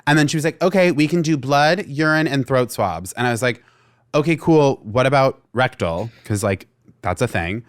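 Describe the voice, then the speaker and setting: A young man from Vermont, co-hosting a podcast, tells a story in a casual, animated way and acts out the people in it. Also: medium pitch, moderate pace. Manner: animated storyteller acting out quoted voices, lots of "like". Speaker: podcast co-host.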